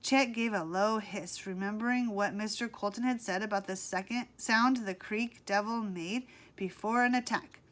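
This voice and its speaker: A woman narrating a children's book aloud in a slow, expressive read-aloud manner. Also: medium pitch. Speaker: audiobook reader. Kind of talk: storybook narration.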